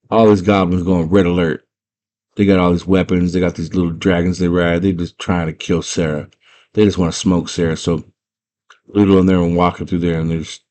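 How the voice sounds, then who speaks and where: A young man excitedly retelling a fantasy movie scene by scene, full of slang and filler words. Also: deep voice. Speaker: movie fan retelling a film. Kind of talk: casual chat.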